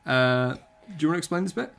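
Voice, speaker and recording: A man's voice: fairly high pitch, lively intonation, quick pace, gravelly, fairly bright tone. A man, chatting casually and bluntly, with strong opinions and plenty of swearing. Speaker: podcast co-host. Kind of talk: casual chat.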